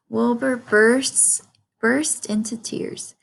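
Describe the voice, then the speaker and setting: A woman reading a children's book aloud chapter by chapter, in an unhurried, gentle narration. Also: medium pitch, gravelly. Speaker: reader. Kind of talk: storybook read-aloud.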